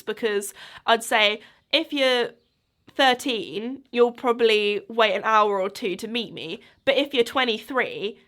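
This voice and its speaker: A young woman in her twenties hosts her own podcast, talking in a loose, rambling way and filling gaps with likes and ums. Her voice sits a little high and sounds bright and forward. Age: 20s. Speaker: podcast host. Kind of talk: casual solo chat.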